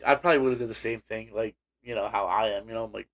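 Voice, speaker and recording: A man's voice: mid-range voice, fast talker, hardly any pauses. Rambling man telling stories on a podcast. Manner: rambling animated storyteller, lots of restarts. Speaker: podcast co-host. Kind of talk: casual chat.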